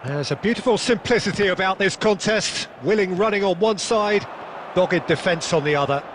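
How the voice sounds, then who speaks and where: A man voicing a male football play-by-play commentator in a video game, calling the match with lively swings up to excited shouts. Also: high voice, normal speed, noisy background, lightly acted. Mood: measured.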